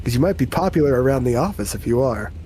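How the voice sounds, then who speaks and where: A man voicing a blunt, unbothered female demon who works for a company, talking in a deadpan, crude, matter-of-fact way. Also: medium pitch, fast talker, slight background noise, natural voice. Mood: teasing.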